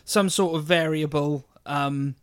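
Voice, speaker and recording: A man's voice: fairly high pitch, steady tone, measured pace, clean tone. A man co-hosting a casual car podcast among friends, talking in a rambling way and repeating words as he goes. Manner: rambling, repeats words while searching for them. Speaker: podcast co-host. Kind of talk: casual chat.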